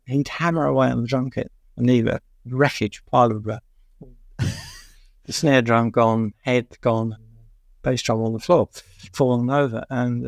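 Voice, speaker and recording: A man's voice: medium pitch, gravelly, no room sound, clean studio sound. An older man from England, a music journalist telling anecdotes in an interview, rambling with lots of "uh" fillers and chuckles. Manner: rambling, many "uh" fillers, chuckles at his own stories.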